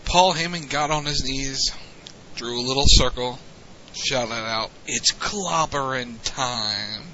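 A man co-hosting a show, calmly recounting events in casual chat. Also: medium pitch. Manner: unhurried storyteller, frequent "mm-hmm". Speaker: podcast co-host. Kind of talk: casual wrestling recap chat. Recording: dull lo-fi audio with faint noise.

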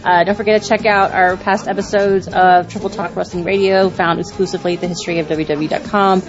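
A woman's voice: on the low side, fairly even intonation, quick pace. Woman, co-host, casual chat, dull lo-fi sound, music underneath.

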